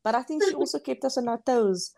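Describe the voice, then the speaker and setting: A South African woman, appearing as a guest, tells family stories with lots of laughter in a lively, casual way. Her voice sits high and gravelly, she talks quickly, and the audio quality is poor.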